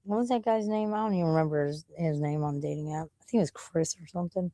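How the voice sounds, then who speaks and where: A woman's voice: deep voice, fast talker, mellow. A woman live streamer chatting casually and rambling, blunt and profane, often laughing.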